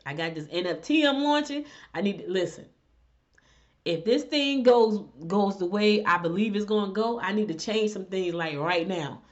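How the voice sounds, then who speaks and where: A woman's voice: mid-range voice, moderate pace. Chatty woman, Southern-Northern US mix accent. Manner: animated storyteller, chatty and direct. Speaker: host. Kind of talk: casual chat and horoscope reading. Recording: dull lo-fi recording.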